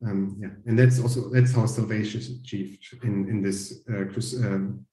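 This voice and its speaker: Guy explaining stuff with lots of ums, mellow voice, roomy echo. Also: on the low side, fairly even intonation, moderate pace. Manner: hesitant, many ums and sort-ofs. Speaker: speaker in a played clip. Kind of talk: explanatory discussion.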